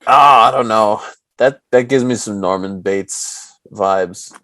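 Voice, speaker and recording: A man hosting a podcast in casual chat, telling stories with frequent "right?" tags and squeaky put-on voices. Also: slow, pushed and bright, no room sound. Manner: laughing storyteller who acts out squeaky high character voices. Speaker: podcast host.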